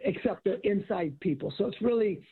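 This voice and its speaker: A man's voice: sits high, fairly quick, husky. A middle-aged man, a former football coach and author, telling stories in casual conversation and acting out quotes. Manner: animated storyteller acting out quotes. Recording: tinny phone-like audio.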